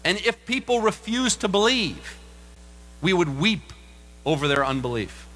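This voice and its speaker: A middle-aged man preaching a sermon as pastor, animated and acting out voices in the stories he tells. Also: measured pace. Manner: animated, acts out quoted voices with big pitch jumps. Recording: long reverb of a large room.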